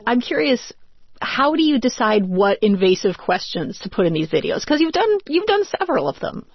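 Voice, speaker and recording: Husky woman interviewer, dry sound. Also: on the high side, very animated, moderate pace, no echo, dull audio, faint music behind. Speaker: interviewer host. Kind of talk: scripted interview questions.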